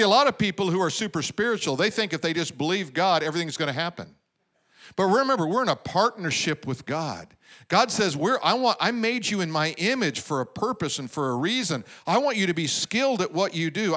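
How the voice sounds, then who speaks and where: Man, pastor, sermon, higher voice, acted-out quotes, crowd asides. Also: fairly bright tone. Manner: preaching with call-and-response asides and acted-out quotes.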